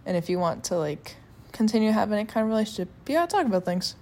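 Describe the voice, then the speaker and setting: A young woman talks straight to her camera in a loose, sassy vlog rant. She is animated and full of fillers and restarts, her voice sitting at a middle pitch. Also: very fast. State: sweaty after activity. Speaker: vlogger. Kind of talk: casual talking-to-camera rant.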